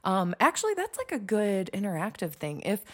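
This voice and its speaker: A woman's voice: mid-range voice, huge pitch swings, normal speed, fairly bright tone. A young woman hosting her own podcast, chatting casually and self-deprecatingly with lots of fillers and restarts. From United States. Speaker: podcast host. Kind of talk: casual solo podcast chat.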